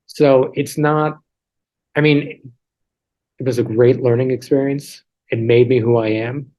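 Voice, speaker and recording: A man in his 30s, appearing as an interview guest on a video call, tells casual stories in a medium-pitched, slightly mellow voice with fairly even intonation and a measured pace. He's loose and joking, self-deprecating, and constantly restarting or going off on asides; the audio is poor.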